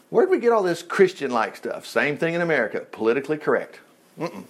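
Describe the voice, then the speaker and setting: High, animated folksy Bible teacher. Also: male voice, fast. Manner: folksy, asides and rhetorical questions.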